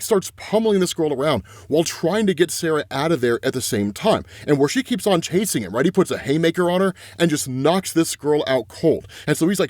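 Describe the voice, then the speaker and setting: Excitable man recapping a comic. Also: a little high, no echo, clean studio sound. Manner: excitable, filler-heavy, lots of "right?" and "like"; laughs often mid-sentence. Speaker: comics explainer host.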